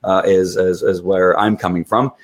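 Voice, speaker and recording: Low-voiced man explaining dog training. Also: moderate pace. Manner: animated, acts out the dog's thoughts. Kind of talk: instructional talk.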